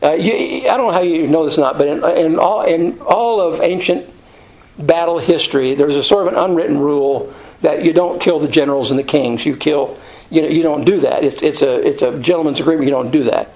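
A man with a fairly high voice leads a casual Bible study. He tells the story in a rambling, folksy way, full of ums and restarts. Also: brisk, a little mellow, poor audio. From United States. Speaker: Bible teacher.

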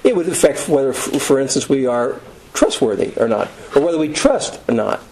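A man preaching a sermon in a conversational, folksy way, telling stories with quick asides. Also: mid-range voice, big pitch swings, a little mellow, low-quality recording.

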